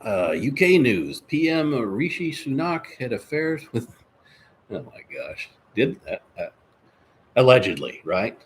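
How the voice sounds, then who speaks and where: A man's voice: medium pitch, big pitch swings, measured pace. A man hosting a live podcast in casual, jokey, rambling chat, reading out viewer comments. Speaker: podcast host.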